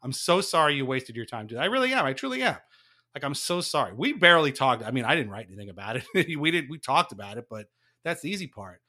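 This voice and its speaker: A man's voice: mid-range voice, fast talker. A man hosting a casual sports podcast, ranting with frequent laughs. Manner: animated, ranting, laughs often. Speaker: podcast host.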